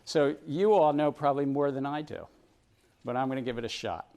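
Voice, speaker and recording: A man's voice: mid-range voice, brisk, darkish tone. A middle-aged man giving a university lecture, chatty and often putting questions to the students in a room with round tables. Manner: conversational, questions the class often.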